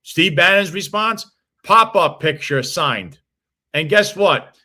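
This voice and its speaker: A man's voice: high voice, expressive, takes it slowly, sharp tone. A man with a New York accent hosting a casual political talk show, blunt and combative, tossing off insults. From New York City. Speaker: host.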